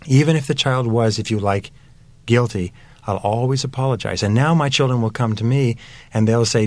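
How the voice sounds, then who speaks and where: A man's voice: mid-range voice, normal speed, no room sound. A man giving earnest, emphatic parenting advice in a motivational talk, building his points through repeated phrases. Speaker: parenting speaker.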